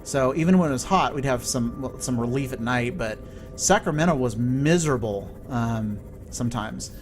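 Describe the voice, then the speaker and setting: A man from California chatting excitably and swearing casually while he streams a video game. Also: mid-range voice, normal speed, slight background noise. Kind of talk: live gameplay stream chat.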